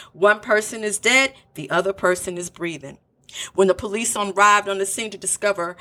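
A woman's voice: medium pitch, pushed and bright. A woman telling a true crime story in her own words, with blunt asides to the listener. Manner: opinionated, talks straight to the listener. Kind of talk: true crime narration with commentary.

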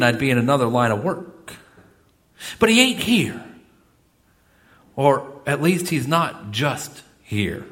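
A middle-aged male pastor preaching a sermon in a church, swinging between loud exclamations and soft asides. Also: fairly high pitch. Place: church sanctuary.

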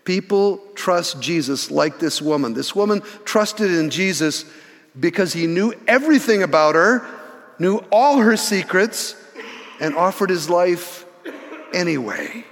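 A man in his sixties telling a story in a sermon, animated, often restarting his words. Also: sits high, a little slow. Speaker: pastor. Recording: reverberant church hall.

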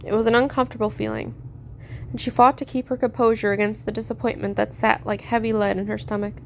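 A woman narrating a story aloud in a steady, measured reading. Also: a little high, creaky, a little hiss or hum. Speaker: fan fiction reader.

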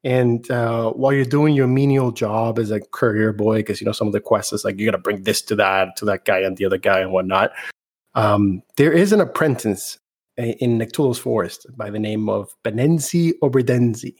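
Husky, chatty podcast co-host man. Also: lowish voice, normal speed. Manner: chatty, hesitant, many restarts and asides. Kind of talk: casual gaming podcast chat.

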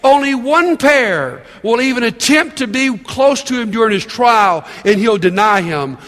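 A man preaching a sermon as a pastor, animated and calling out to his congregation for an amen. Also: extremely high pitch. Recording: long hall reverb.

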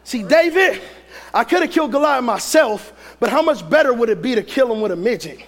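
Man, preacher, very high voice, animated pitch, shouting sermon. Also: brisk. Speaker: pastor.

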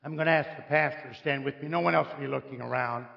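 A man's voice: mid-range voice, fast talker, vocal fry, muffled recording. A man preaching a sermon, telling stories with humor and asking the congregation questions. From United States. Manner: animated storytelling, jokes and questions to the congregation. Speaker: visiting preacher.

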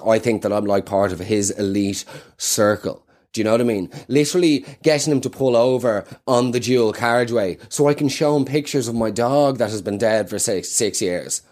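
A man's voice: medium pitch, a little mellow. A man with a South Dublin Irish accent doing rambling, self-mocking stand-up comedy with plenty of swearing. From Ireland.

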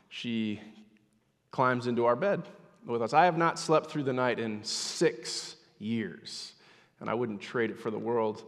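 A man in his thirties preaching a sermon, swinging between loud, emphatic passages and hushed, near-whispered ones. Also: mid-range voice. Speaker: pastor. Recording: long hall reverb.

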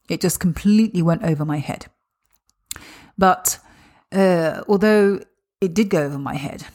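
A woman's voice: fairly low pitch, a little mellow. A woman hosting a podcast, telling her own story in a reflective, earnest way, often repeating words and adding "you know". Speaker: podcast host. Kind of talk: personal storytelling monologue.

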